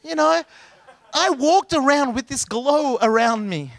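A man's voice: very high voice, animated, a little slow, no room sound. Man, middle-aged pastor, sermon, emphatic and chatty, dry sound. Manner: emphatic, conversational preaching with repeated phrases.

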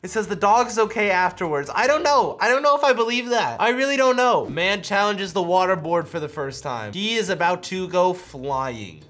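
A young man commenting on viral clips, his voice leaping up and down as he shouts and curses in amazement. Music from the videos plays clearly behind him. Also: high-pitched, lively intonation, measured pace. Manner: loud exclamations, swearing, bursts of laughter. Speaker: YouTuber reacting to viral videos. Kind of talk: excited reaction commentary.

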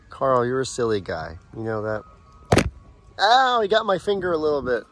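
A man's voice: medium pitch, wildly swooping pitch, a little slow. Chatty man vlogging outdoors on a farm. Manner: chatty, rambling, softly coaxes his animals. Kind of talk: casual vlog. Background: light wind outdoors.

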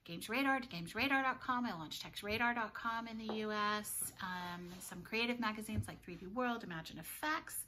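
A middle-aged woman talks casually and laughs often as she tells how her yarn shop began. Her voice is bright and clear, with a faint hiss of noise behind it. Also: mid-range voice, moderate pace, few pauses. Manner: chatty and giggly. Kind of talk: casual chat.

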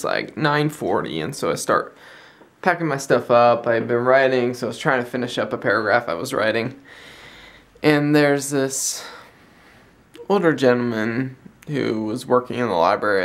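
A man's voice: mid-range voice, fairly bright tone. Young guy rambling thru a story for his vlog, voice bounces all over, keeps fixing his words. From United States. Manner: chatty, rambling, self-correcting. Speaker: vlogger.

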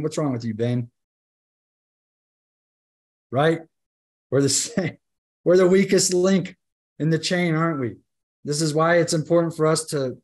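A man teaching a Bible study class in a conversational, emphatic way, often asking the group "right?" and restarting his sentences. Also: medium pitch.

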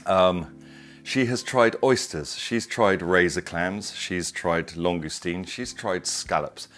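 A middle-aged man chats his way through a recipe in his home kitchen. He wanders off on asides and returns to the cooking with plenty of enthusiasm. His voice sits very low, with faint music underneath. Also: slow pace, a bit bright. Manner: chatty, digressive, enthusiastic. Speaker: cooking show host. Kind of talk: casual cooking demonstration.

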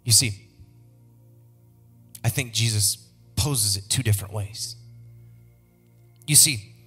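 Soft music plays behind a middle-aged pastor whose husky voice unfolds slowly through his sermon. He draws the congregation into call-and-response, his delivery rising from hushed murmurs to soaring shouts.

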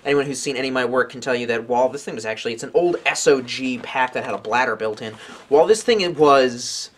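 A man's voice: mid-range voice, quick pace. A man in his late twenties casually reviewing outdoor gear, rambling with jokes and offhand swearing. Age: late 20s.

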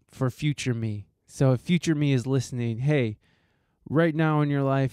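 A man's voice: mid-range voice, darkish tone, smooth, no echo, clean studio sound. A man hosting a podcast, giving a heartfelt, profane, rambling monologue full of restarts. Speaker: podcast host.

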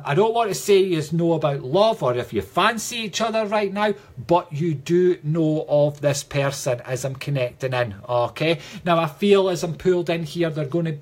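A man's voice: a little high, moderate pace, few pauses. A Scottish man working as a psychic medium, giving chatty, affectionate readings to viewers on a livestream and calling them sweetheart.

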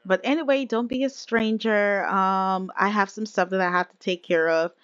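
A woman's voice: medium pitch, moderate pace, fairly bright tone, dry recording, lo-fi sound, natural voice. Woman voicing a sweet, polite young newcomer sim. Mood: friendly.

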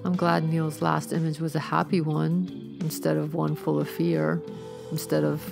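A woman hosting a ghost story podcast, reading a horror tale in a measured, steady way. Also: low voice, vocal fry. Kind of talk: scripted horror narration.

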